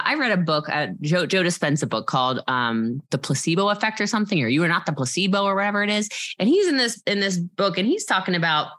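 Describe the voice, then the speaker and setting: Emphatic woman with a lowish voice. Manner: emphatic and animated, with frequent rhetorical "okay?" asides. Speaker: interview guest. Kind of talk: candid personal storytelling.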